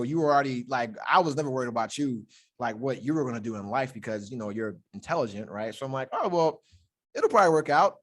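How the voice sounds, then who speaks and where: A young man hosting a podcast, telling stories in a loose, profane way and laughing often. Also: mid-range voice. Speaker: podcast host. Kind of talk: casual chat.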